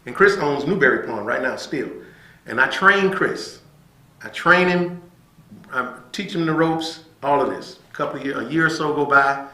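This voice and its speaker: A man's voice: fairly high pitch, normal speed, reverberant, low-quality recording. A man telling a story as a podcast guest, acting out the voices of people in it and often checking in with "right?". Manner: animated, acts out quoted voices, says "right?" often. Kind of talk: casual storytelling.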